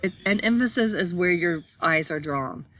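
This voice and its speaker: Bright-voiced woman teaching from slides. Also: on the low side, expressive, moderate pace. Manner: reads slide text aloud, then restates it plainly; points at pictures while explaining. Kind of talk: classroom slide lecture.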